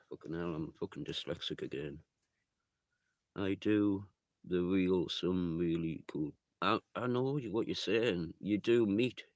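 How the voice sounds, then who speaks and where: A man's voice: low voice, a little mellow, dry recording. A man chatting loosely with his viewers on a livestream, swearing often and rambling from thought to thought. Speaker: livestreamer reading viewer chat. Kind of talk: rambling casual live chat.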